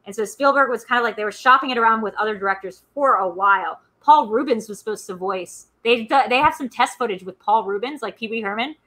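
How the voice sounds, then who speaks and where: Woman co-host, bright and a bit high, rambling casual movie chat. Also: fast, hardly any pauses, poor audio. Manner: rambling, lots of fillers and restarts. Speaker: podcast co-host.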